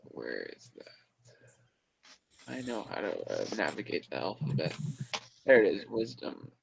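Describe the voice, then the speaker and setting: A man's voice: fairly low pitch, wildly swooping pitch, unhurried, gravelly, a little hiss or hum, low-quality recording. A man playing in a tabletop game, talking in a casual, chatty way. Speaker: player.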